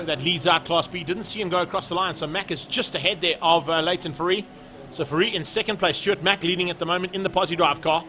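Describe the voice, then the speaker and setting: A man's voice: pushed and bright, slight background noise. A man giving live motorsport commentary, lifting his voice when the race gets going. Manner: rises in pitch and volume when the racing starts.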